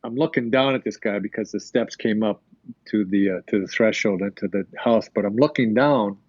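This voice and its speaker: A man's voice: on the low side, normal speed, darkish tone, dry recording, dull audio. An older man, a former hockey player, casually telling stories as a podcast guest and acting out quoted dialogue. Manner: rambling anecdotes with quoted dialogue. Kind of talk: casual storytelling.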